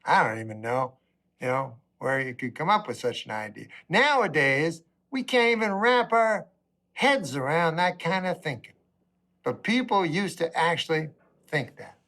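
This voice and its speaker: A middle-aged man doing a stand-up comedy routine, with a deadpan, rambling delivery full of asides. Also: a little high, moderate pace.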